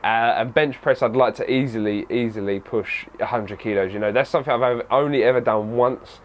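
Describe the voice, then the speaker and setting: A man's voice: mid-range voice, a little fast, slight background noise. A young man with a fitness channel, rambling and joking through a casual question-and-answer vlog. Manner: rambling, jokey, says "brother" and "man" a lot. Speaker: fitness YouTuber.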